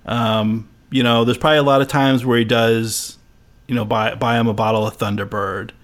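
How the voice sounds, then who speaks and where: A man co-hosting a podcast in casual chat, speaking haltingly with frequent restarts. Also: medium pitch, flat delivery. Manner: halting, with many restarts and fillers. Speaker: podcast co-host.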